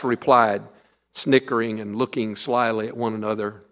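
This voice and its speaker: Earnest preacher telling a story. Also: male voice, lowish voice, steady tone, normal speed, a bit bright. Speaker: pastor. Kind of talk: sermon storytelling.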